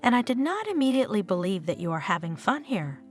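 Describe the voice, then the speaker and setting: A woman's voice: medium pitch, very animated, quick pace, soft background music, lightly acted. A woman reading as a furious betrayed wife. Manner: shouting, indignant outbursts.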